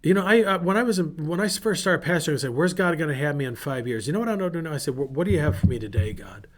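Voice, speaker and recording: A male pastor with a somewhat high-pitched voice gives a casual devotional message. He speaks in an earnest, conversational manner and encourages his listeners directly. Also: expressive, racing, slight background noise.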